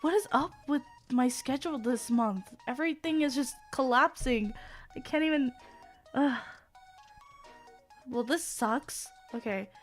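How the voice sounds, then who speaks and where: A woman streaming with a sick-sounding voice, pitched a little high, who chats casually to her viewers. She rambles and apologizes, sighing and groaning between phrases. Faint music plays quietly behind her. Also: moderate pace. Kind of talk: casual live-stream chat.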